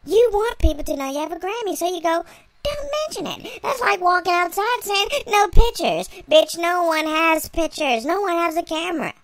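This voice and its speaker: A woman's voice: extremely high pitch, a little fast, hardly any pauses, fairly bright tone, no echo. A young woman vlogger delivering a sassy, profane, mocking reaction rant, laughing between lines.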